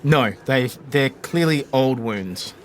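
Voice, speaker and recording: A man's voice: medium pitch, animated, slow pace, slight background noise. A man narrating a tabletop role-playing game as the game master, describing scenes with many fillers and restarts.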